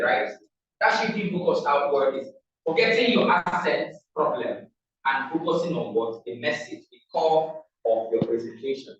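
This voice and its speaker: A man with a Nigerian English accent teaching public speaking to a live class. He talks emphatically, repeats phrases and quizzes the audience. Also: mid-range voice. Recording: echoey, distant, dull room recording.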